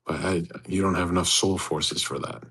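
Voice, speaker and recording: Husky man preaching boastfully. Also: low voice, normal speed, fairly bright tone, rough recording. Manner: boastful, provocative and preachy, with many restarts. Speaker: host of a live audio chat room. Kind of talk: casual rambling monologue. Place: online audio room.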